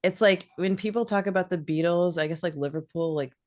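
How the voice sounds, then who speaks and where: A young woman co-hosting a podcast, chatting in an animated way and laughing often. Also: fairly low pitch, fairly quick, no room sound, studio quality. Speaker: podcast co-host. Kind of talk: casual chat.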